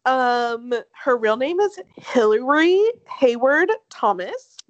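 A woman's voice: high-pitched, expressive, slow pace, dry recording, lo-fi sound. A young woman co-hosting a podcast, gossiping casually in slangy, laughing chat. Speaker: podcast co-host.

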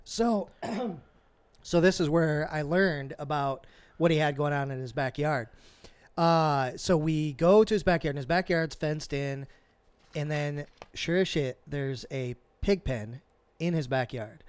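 A man tells a rambling story with a slightly high voice, swearing freely and jumping up loud for the quotes. The sound is dry and close, with no room around it. He talks like a regular on a casual podcast. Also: a little slow, clear, resonant tone, dry recording. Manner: animated, profane, acts out quotes. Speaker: podcast co-host.

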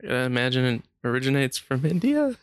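A man's voice: mid-range voice, big pitch swings, brisk, clear, resonant tone, no room sound, studio quality. A man co-hosting a casual podcast, guessing at trivia with frequent swearing and joking exasperation. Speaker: podcast co-host.

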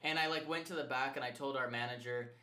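A man's voice: medium pitch, quick pace, roomy sound. A young man co-hosting a podcast, telling a story in casual, profanity-heavy chat. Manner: animated storyteller, heavy swearing. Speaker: podcast co-host.

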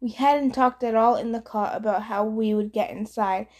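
A woman's voice: a little high, steady tone, moderate pace, darkish tone. A woman narrating a novel in a casual first-person storytelling voice. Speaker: audiobook reader. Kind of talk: scripted narration.

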